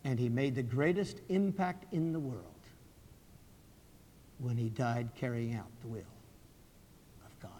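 A man preaching a sermon, telling a story dramatically and swinging from loud outbursts to hushed prayer. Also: medium pitch, a little slow, pauses often, slight background noise. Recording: hall with long reverb.

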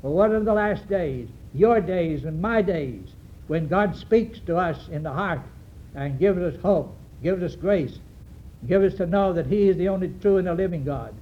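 A man preaching a sermon to his congregation, earnest and halting, with many fillers and restarts. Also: high-pitched. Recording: dull lo-fi recording with faint hiss.

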